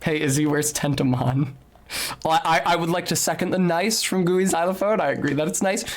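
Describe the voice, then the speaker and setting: Brief: young man live-streaming a game, slightly academic-sounding delivery, yelps and curses at the game, voice on the high side. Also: a little fast. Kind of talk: casual gameplay commentary.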